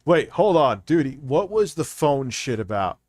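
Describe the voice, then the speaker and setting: A man's voice: a little high, very animated, measured pace, darkish tone, no echo, clean studio sound. Profane ranting man on a stream. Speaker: streamer reacting to videos. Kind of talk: casual live-stream commentary.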